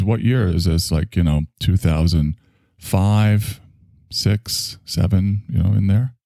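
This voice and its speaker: A man's voice: low voice, dark tone, no echo, studio quality. A man, a spiritual teacher, telling a rambling, digressive story in a casual monologue, swearing now and then.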